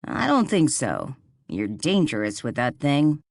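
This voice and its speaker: A woman's voice: rumbling low, huge pitch swings, a little slow, vocal fry, no echo, exaggerated voice. A woman voicing a laid-back man with dry humor in an audiobook. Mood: wry. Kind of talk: audiobook character voice.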